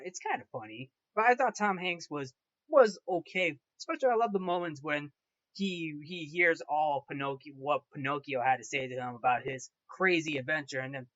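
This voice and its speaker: A man's voice: on the high side, fairly bright tone, no echo, lo-fi sound. A man hosting a movie commentary show, talking off the cuff in a rambling way, restarting and repeating phrases as he rants. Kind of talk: casual unscripted movie commentary.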